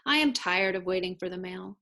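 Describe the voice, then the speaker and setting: A woman's voice: lively intonation, a little fast. A woman doing a shy, mopey little toad. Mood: glum. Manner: soft, low and mopey. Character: gentle gloomy male toad, small, shy. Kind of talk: read-aloud storybook.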